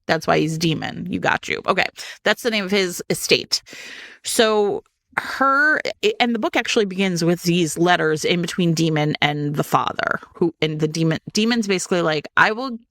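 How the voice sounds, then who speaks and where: A woman on a chat podcast tells a book's story with lively energy, acting out the characters' lines as she goes. Her voice has a gravelly edge and is recorded dry and close. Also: on the low side, moderate pace, no room sound. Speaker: podcast co-host. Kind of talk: casual chat about books.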